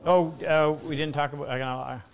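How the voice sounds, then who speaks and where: A man's voice: a little high, steady tone, normal speed, creaky, slight background noise. A middle-aged man hosting a live woodworking stream, chatting loosely with frequent restarts. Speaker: host.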